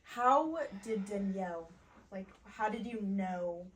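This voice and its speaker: A woman's voice: medium pitch, expressive, slow, distant mic, slight background noise. A young woman, a daughter, teasing her mother in a casual Q&A chat. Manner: teasing, laughing. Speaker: daughter, co-host.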